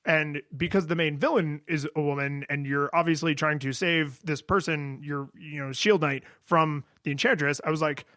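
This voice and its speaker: Animated man on a dry podcast mic. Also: on the high side, moderate pace, few pauses, dry recording. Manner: animated, laughs often, many restarts. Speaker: podcast co-host. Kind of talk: casual chat.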